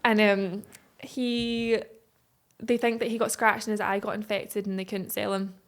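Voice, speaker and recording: A Scottish woman in her twenties, a podcast guest telling casual stories in an animated, chatty way and laughing often. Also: mid-range voice, a little slow. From Scotland. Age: 20s. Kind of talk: casual chat.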